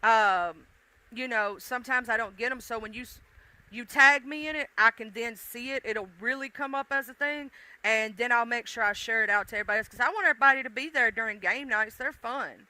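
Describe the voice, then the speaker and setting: A woman with a mixed deep-South accent, rambling casually to her livestream chat, addressing viewers directly and swearing freely. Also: brisk, sharp tone, dry recording, poor audio. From Southern United States. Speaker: livestream host.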